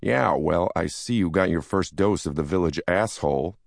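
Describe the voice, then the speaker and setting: A man playing a big, brash senior stockbroker in an audiobook, soothing and conspiratorial. The delivery is deep and gravelly, and the recording sounds dry and close. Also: fairly quick, a little mellow, dry recording, full character voice.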